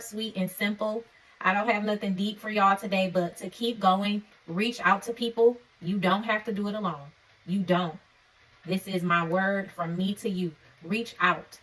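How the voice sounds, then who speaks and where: Woman, faith vlogger, earnest, preacherly, conversational, mid-pitched, recorded from a distance. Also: a bit bright. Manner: earnest, preacherly, punctuates points with "okay?"; conversational and informal. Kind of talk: encouraging devotional vlog talk.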